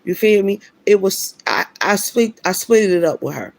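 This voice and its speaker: Gravelly-voiced woman preaching about karma. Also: mid-range voice, animated, moderate pace, no echo. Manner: emphatic, preachy, slangy, with many restarts. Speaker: vlogger. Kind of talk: casual spiritual storytelling.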